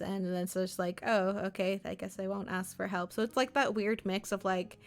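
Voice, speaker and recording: A woman's voice: mid-range voice, fairly even intonation, brisk, few pauses. A woman streamer chatting casually while playing a game, rambling and acting out her own and others' lines.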